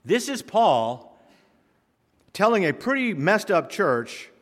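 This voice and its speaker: A male pastor preaching a sermon, swinging from quiet asides to loud, rising exhortation. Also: fairly high pitch, sing-song, slow pace. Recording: long hall reverb.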